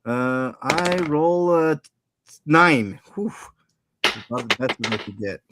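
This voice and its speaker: A man playing a tabletop wrestling game and narrating its story in a deadpan way. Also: medium pitch, slow pace, very noisy.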